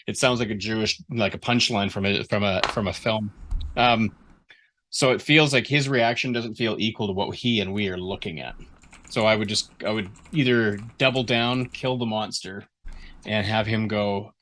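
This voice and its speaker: Bright-voiced man giving writing feedback. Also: fairly low pitch, moderate pace. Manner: rambling, restarts sentences. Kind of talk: casual critique session.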